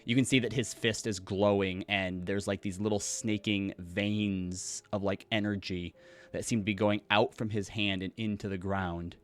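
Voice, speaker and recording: A man's voice: fairly low pitch, steady tone, moderate pace. A man narrating a tabletop game as game master, in a casual style with many fillers.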